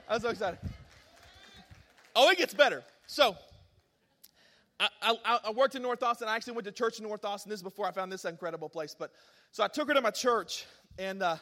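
Guy preaching, high bright voice, big echoey church hall. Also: brisk. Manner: animated storyteller, bursts of excitement and laughter. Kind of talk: sermon with personal story. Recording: long hall reverb.

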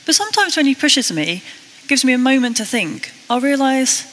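A British woman preaching a sermon, earnest and a little self-deprecating, slowing down to read scripture. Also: high voice, big pitch swings, fairly bright tone, in a large hall, low-quality recording. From Britain.

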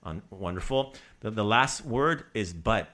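A man with a fairly low voice leads a casual podcast language lesson. He is patient and encouraging. He says phrases slowly and repeats them for his co-host. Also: animated, pushed and bright.

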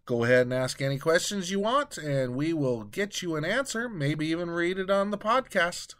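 A man hosting a comedy podcast and narrating a story in a deliberate, unhurried manner. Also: on the high side, expressive, fairly bright tone.

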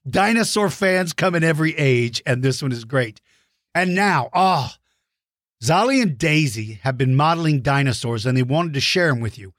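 A man hosting a dinosaur show for kids, giving playful, enthusiastic shout-outs to young fans. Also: on the high side, expressive, normal speed, no echo, clean studio sound. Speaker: host of a kids' dinosaur show.

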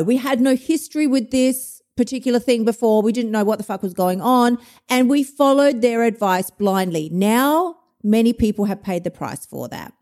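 A woman's voice: on the high side, animated, moderate pace, few pauses, a little mellow. Blunt, profane woman podcaster. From Australia. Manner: blunt, profane, fired-up tough-love pep talk. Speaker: podcast host, emotional eating coach. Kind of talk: motivational podcast monologue.

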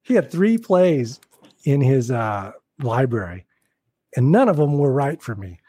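A man being interviewed as a guest actor, telling anecdotes in a casual, animated way and acting out the people he quotes. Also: medium pitch, a little slow, no echo. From Portland, Oregon.

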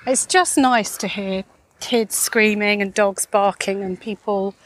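Woman co-host, chatty and jokey, in a car with faint road hum, mid pitch. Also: fairly even intonation, a little slow. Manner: chatty, jokey, exclaiming at sights. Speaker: podcast co-host. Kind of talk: casual chat on a drive.

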